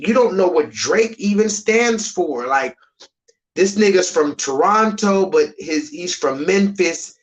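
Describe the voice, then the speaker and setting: A man's voice: fairly high pitch, lively intonation, normal speed, a bit bright, rough recording. Emphatic ranting male streamer. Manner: emphatic, repetitive, swears freely. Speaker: live streamer. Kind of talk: ranting live-stream commentary.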